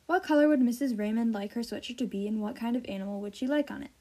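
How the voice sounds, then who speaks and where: A curious young girl asks question after question in a storybook reading, voiced by a woman. The voice is on the high side with a soft, mellow tone. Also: quick pace, natural voice. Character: Ava, thoughtful young girl with a magic pencil.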